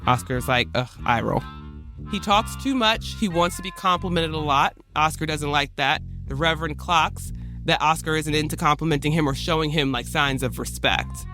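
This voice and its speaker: A man's voice: on the high side, moderate pace, bright, forceful tone, faint music behind. A man hosting a podcast, retelling a historical story in casual modern slang and briefly acting out the people in it. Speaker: podcast host.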